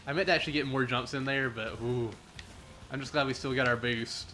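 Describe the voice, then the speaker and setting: Bright, playful young male streamer. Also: mid-range voice, a little fast, a little hiss or hum. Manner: playful, jokey, excitable. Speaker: gaming streamer. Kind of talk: live gameplay commentary.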